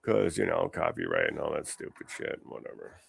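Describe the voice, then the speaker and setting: A man's voice: low-pitched, normal speed, creaky, a bit bright, slight background noise. A man hosting a show, chatting casually as he reacts to videos, rambling and swearing, stuffing his talk with fillers and laughing often. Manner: rambling, profane, full of "you know" fillers. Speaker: host.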